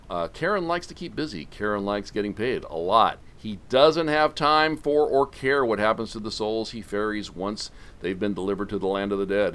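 A low-voiced man tells a story as a comic podcast monologue. His pitch swings widely, rising and falling for effect, and he drops in dry, sardonic asides. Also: fairly bright tone. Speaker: podcast host.

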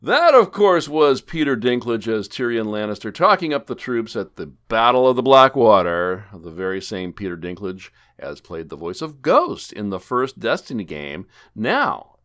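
A man hosting a comedic gaming podcast, joking theatrically and swinging between loud declarations and quiet asides. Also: medium pitch. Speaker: podcast host.

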